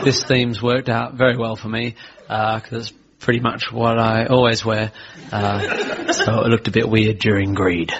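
A man, a musician guest on a comedy show, talking in a hesitant way with lots of ums. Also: fairly low pitch. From Australia. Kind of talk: comic banter. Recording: dull radio recording with loud hiss.

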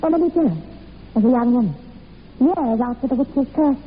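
A young woman acting in a 1940s radio drama, telling a dark family legend in an intense, breathless way. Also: fairly high pitch, expressive, moderate pace, natural voice. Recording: tinny old radio recording with faint hiss.

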